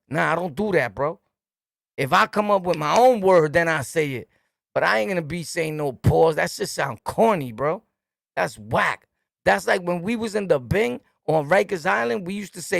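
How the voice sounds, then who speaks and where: A man's voice: sits high, animated, normal speed, vocal fry, dry recording, studio quality. A middle-aged man with a New York accent, hosting a streetwise monologue rant in blunt, repetitive, preachy slang. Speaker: YouTube host.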